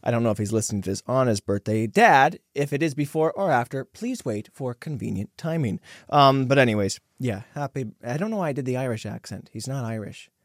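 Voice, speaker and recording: A man's voice: mid-range voice, lively intonation, fast, few pauses, no room sound, clean studio sound. A young man hosting a podcast, chatting casually in a goofy, joking, rambling way. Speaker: podcast host.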